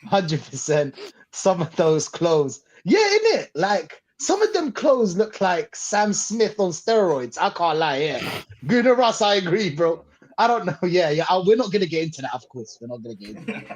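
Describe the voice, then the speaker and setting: A man's voice: on the high side, moderate pace. A man hosting a casual fan podcast, reading out chat comments with slang and frequent laughter. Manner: excitable, laughs often, slangy.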